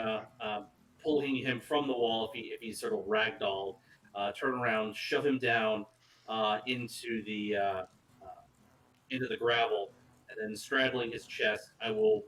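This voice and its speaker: Brief: low-voiced man, halting tabletop player, slightly distant mic. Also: fairly bright tone. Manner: halting, many fillers and restarts. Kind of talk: describing character actions in a tabletop game.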